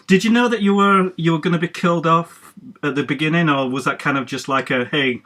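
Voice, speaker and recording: A man's voice: on the high side, brisk, pushed and bright. A British man interviewing a guest, chatty and chuckling, often restarting his questions. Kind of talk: casual interview.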